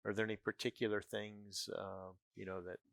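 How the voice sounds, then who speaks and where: A man interviewing a guest, asking questions haltingly and repeating his words. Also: fairly low pitch, flat delivery, vocal fry, a bit bright, dry recording. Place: symposium stage.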